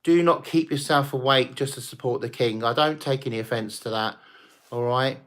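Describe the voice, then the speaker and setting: A man of medium pitch, with lively intonation, normal speed, and a slightly bright sound, hosts a casual late-night livestream. A few drinks in and tipsy, he rambles, swears, and laughs with viewers.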